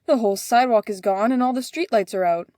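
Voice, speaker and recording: A woman's voice: a little high, fast talker, mellow, no echo, studio quality, close to an everyday voice. Fussy old official voiced by a woman, huffy, complaining, storybook figure. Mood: indignant. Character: fussy, indignant older male official, lost.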